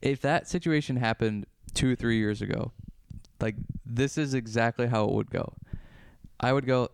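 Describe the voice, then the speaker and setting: A man's voice: medium pitch, normal speed, gravelly, clear, resonant tone, no echo. A young adult man co-hosting a podcast in casual chat, rambling and questioning himself as he acts out little quotes. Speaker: podcast co-host.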